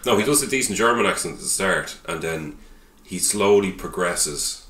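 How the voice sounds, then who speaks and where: A man's voice: low voice, normal speed, reverberant, recorded from a distance. A man co-hosting a podcast, telling jokey, sweary stories in casual chat. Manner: joking, sweary, animated storytelling. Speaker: podcast co-host.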